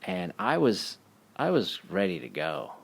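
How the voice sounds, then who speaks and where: A man telling a casual, profane story, laughing as he goes in an animated way. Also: sits low, measured pace, gravelly.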